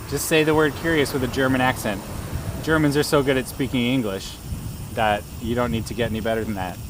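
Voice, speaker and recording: A man's voice: medium pitch, a little fast, background noise. A man live-streaming outdoors while cycling through city streets, chatting casually with his viewers.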